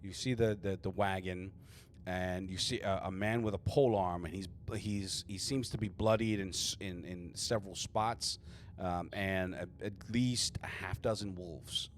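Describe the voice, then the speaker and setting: Low-voiced male game master. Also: fairly even intonation. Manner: rambling, halting narration with many fillers. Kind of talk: narrating a tabletop game.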